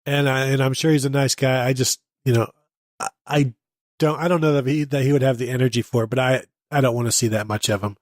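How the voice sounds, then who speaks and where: A man's voice: mid-range voice, steady tone, fast talker, dry recording, studio quality. A man hosting a sports podcast in casual chat, easygoing and joking as he moves the segments along.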